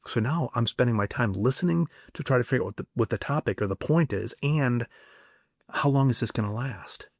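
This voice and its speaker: A man's voice: mid-range voice, expressive, brisk, no echo, studio quality. A man hosting a solo podcast, teaching communication in a conversational way, often repeating and restarting words and asking rhetorical questions. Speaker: podcast host and communication coach.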